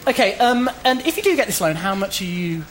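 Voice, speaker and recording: Man, british accent, teasing improv comic, animated delivery, background noise. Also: sits high, a little fast. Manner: playful, mocking, breaks into laughter. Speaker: improv performer. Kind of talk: improvised comedy scene.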